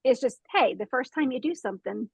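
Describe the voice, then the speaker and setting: A woman hosting a group talk, telling an animated story, laughing often and acting out the sounds. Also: high-pitched, fairly quick, gravelly, slightly rough, dry recording, rough recording. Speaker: host.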